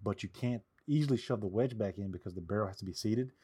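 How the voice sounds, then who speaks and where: A man with a fairly low voice talking casually on a podcast. He walks through old firearm gear step by step with a joking, easygoing manner. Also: fast talker, mellow, slightly rough. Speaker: podcast co-host, Civil War reenactor. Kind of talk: casual chat.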